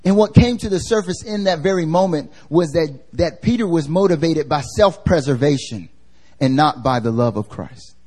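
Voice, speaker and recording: Brief: male preacher, somewhat high voice with a mellow tone, conversational sermon, quizzes the listeners. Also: lively intonation, normal speed. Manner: casual and slangy, asks the congregation questions. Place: church service.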